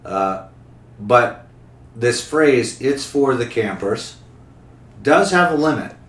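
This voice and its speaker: A man's voice: medium pitch, animated, takes it slowly, a bit bright. Playful young man hosting, roomy sound. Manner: playful, rambling, quizzing guests. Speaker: podcast host. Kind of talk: casual interview chat. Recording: roomy recording with faint background hum.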